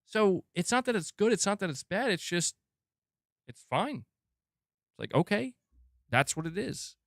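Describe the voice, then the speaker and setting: On a gaming news live stream, a man with a high voice and vocal fry speaks a little slowly, ranting casually about his opinions. He's rambling and animated, with lots of "like" and some casual swearing, recorded in studio quality with no echo.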